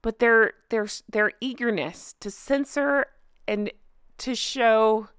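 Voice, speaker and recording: Heated middle-aged woman ranting on her vlog, kinda high voice, super dry sound. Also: slow pace, fairly bright tone, clean tone, dry recording. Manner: reads viewer comments aloud. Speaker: commentary channel host. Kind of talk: opinionated commentary vlog.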